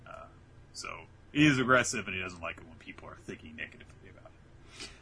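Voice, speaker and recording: A man with a bright, forward voice recaps manga for his co-host in casual chat. His pitch swoops widely as he tells the story, and he slips into giggles often. Faint noise hums under him. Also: fast, rough recording. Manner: giggly, animated storytelling with acted quotes. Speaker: podcast co-host.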